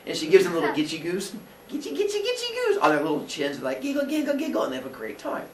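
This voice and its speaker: A man teaching a class, telling a myth in a comic way and jumping into quick character voices. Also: fairly high pitch. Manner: animated, jokey, acts out characters in quick voices. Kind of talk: comic storytelling lesson. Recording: roomy echo from far off with faint noise.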